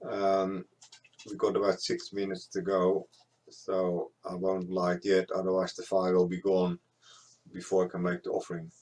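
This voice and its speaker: Man, lowish voice, plain explanatory tone, hesitant fillers. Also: completely flat delivery, a little mellow. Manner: plain, explanatory, with frequent uh pauses. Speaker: instructor. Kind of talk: practical demonstration.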